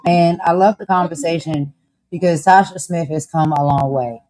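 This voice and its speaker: Jersey woman ranting casually, low pitched and mellow, real sassy. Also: moderate pace, soft background music, rough recording. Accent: New Jersey. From Camden, New Jersey. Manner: blunt, sassy, slangy and animated. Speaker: host. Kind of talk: casual chat.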